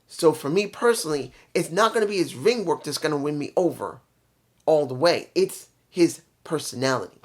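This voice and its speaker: A man's voice: fairly high pitch, lively intonation, moderate pace. A man giving a casual solo review of a wrestling show, rambling and often stopping to correct himself. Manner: rambling, self-correcting, candid.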